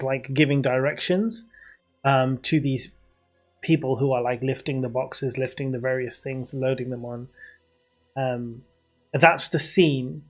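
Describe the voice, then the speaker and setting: A man with a British accent narrating as game master over a video call, hesitant with many fillers. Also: mid-range voice. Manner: hesitant, filler-heavy narration with frequent laughs.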